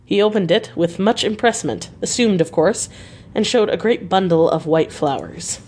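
A woman reading a diary novel aloud in a measured, unhurried way. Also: lowish voice, darkish tone, slight background noise. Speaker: audiobook reader.

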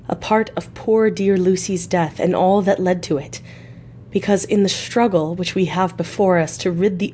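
A woman voicing an earnest, resolute young wife as she reads an audiobook aloud, pleading in a steady, measured way. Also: fairly low pitch, a little hiss or hum, lightly acted. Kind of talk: audiobook reading.

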